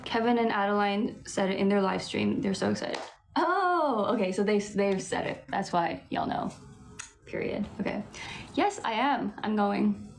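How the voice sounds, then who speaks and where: A woman's voice: mid-range voice, expressive, normal speed, vocal fry, a little hiss or hum. A young woman from Vancouver with a West Coast Canadian accent, chatting casually on a livestream and answering viewer comments, laughing often and saying "like" a lot. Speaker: livestream host.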